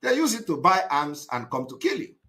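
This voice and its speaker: A man delivers a live broadcast monologue in a high, bright voice. He talks with emphasis, repeats himself and now and then bursts into shouting. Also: wildly swooping pitch, fairly quick. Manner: emphatic, repetitive, with shouted outbursts. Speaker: activist broadcaster.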